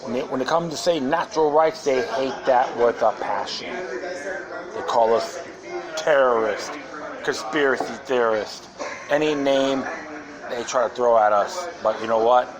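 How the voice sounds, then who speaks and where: A man's voice: medium pitch, measured pace, a crowd in the background, rough recording. Rambling, sarcastic male podcast host. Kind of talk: casual monologue.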